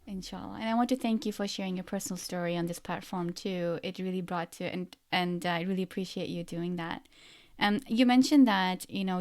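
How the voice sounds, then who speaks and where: A woman's voice: lowish voice, darkish tone. A woman hosting a casual podcast conversation, chatty and appreciative toward her guest. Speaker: podcast host.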